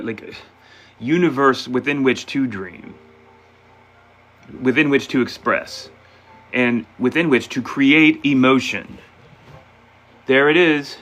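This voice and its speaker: Guy reading tarot live, bright voice, playful and chatty, quiet music behind. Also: medium pitch. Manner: animated and playful, talking straight to viewers; voices questions and answers as quoted speech. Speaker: tarot reader taking questions.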